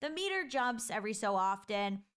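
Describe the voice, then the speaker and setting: A woman's voice: medium pitch, big pitch swings, normal speed, a bit bright, clear, resonant tone. A woman telling a personal ghost story in a chatty, casual way, full of filler likes and restarts.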